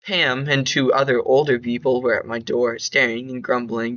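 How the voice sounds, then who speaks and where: A man's voice: medium pitch, level tone, normal speed, hardly any pauses, a bit bright, highs cut off. A man narrating his own horror story in an amateur reading, with slips and restarts.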